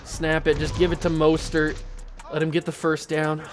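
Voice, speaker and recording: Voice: medium pitch, monotone, moderate pace, soft background music. A young adult channel host giving exasperated, venting play-by-play commentary over a football video game.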